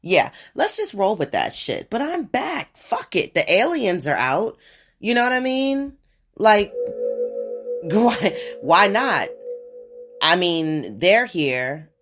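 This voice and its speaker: A woman in her forties hosting a podcast alone, rambling in a profane, animated casual monologue. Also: mid-range voice, slow, faint music behind. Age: 40s. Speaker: podcast host.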